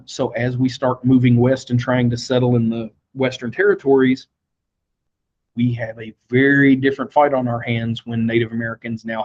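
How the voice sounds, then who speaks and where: A man's voice: mid-range voice, a little mellow, breathy edge, muffled recording. A man teaching a history lesson in a conversational classroom style, with frequent fillers. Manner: conversational, with fillers and brief acted quotes. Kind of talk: classroom lecture.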